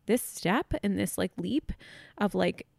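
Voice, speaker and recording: A woman in her thirties tells her own story on a podcast, her voice full of vocal fry and a gravelly edge. She speaks candidly and sounds choked up, close to tears. The recording is dry and close, with no room sound. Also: mid-range voice, slow, darkish tone, dry recording. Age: 30s. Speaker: podcast host. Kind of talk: personal storytelling.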